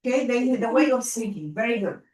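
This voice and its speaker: A woman with an Arabic accent teaching a class in a lively, coaxing way. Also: a little high. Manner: lively, coaxing, quick asides to pupils. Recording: roomy classroom from far off.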